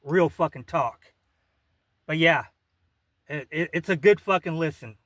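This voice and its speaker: A man's voice: on the high side, fairly bright tone, dry recording, studio quality. Blunt, cussing man signing off casually. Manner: blunt, profane, halting with fillers. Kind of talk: casual chat, video outro.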